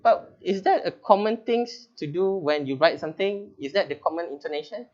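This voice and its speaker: A man's voice: sits high, a little fast, lo-fi sound. A man with a Malaysian English accent, a teacher trainer explaining essay feedback in a chatty, joking way. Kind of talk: webinar on teaching writing.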